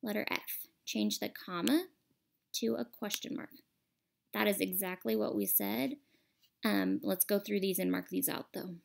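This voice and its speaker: A teacher walks her pupils through a lesson with patient, step-by-step explanations. Her voice is a woman's, with a gravelly edge and a pitch that sits in the middle. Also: fairly even intonation, unhurried. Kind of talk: classroom lesson over a screen recording.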